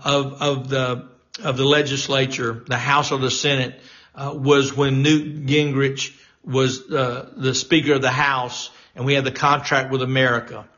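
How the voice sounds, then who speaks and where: A man's voice: mid-range voice, fairly bright tone, dull audio. A man of sixty, a talk radio host, delivering a rambling political commentary monologue full of fillers and restarts. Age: 60s.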